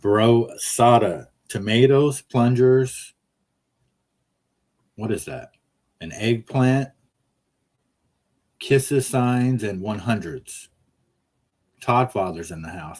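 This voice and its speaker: A man's voice: fairly low pitch, slow, pauses often, darkish tone. A man hosting a casual livestream from his car, rambling and joking as he reads viewer comments aloud. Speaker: livestream host.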